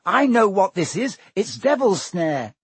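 Man doing a know-it-all schoolgirl witch, shrill, raised high, storybook reading, dry close sound. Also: sing-song, a little slow, slightly rough, dry recording, exaggerated voice. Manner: shrill and urgent.

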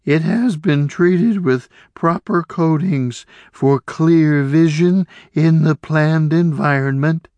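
A man voicing a slow, strange alien master of mixes who speaks in a warbling, uneven way with oddly ordered words. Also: a little high, a little mellow, no room sound, pitched above the performer's own voice. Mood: proud.

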